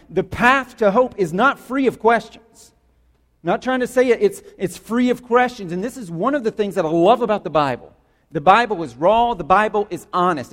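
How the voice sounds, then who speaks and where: A male pastor with a high-pitched voice, preaching in a passionate, conversational way. He hammers points home through emphatic repetition. His voice rings out with a long reverb, as in a church hall. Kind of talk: sermon.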